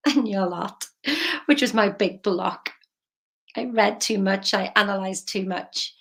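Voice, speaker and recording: A woman's voice: mid-range voice, slow. Chatty woman coaching on money. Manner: chatty and emphatic, drops to soft intimate asides. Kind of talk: casual motivational vlog.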